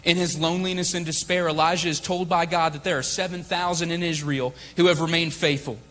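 A young adult man preaching a sermon to a church, earnest, swinging from loud emphatic peaks to soft quiet lines. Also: on the high side, steady tone, fairly quick. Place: church sanctuary. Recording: long reverb of a hall.

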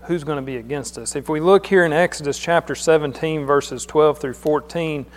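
Earnest man preaching in an echoey hall. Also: a little high. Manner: conversational, repeats words, earnest. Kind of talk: sermon. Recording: long hall reverb.

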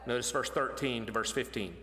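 A man preaching an expository sermon, animated and emphatic, pushing his voice up to stress points. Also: mid-range voice, brisk. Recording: long hall reverb.

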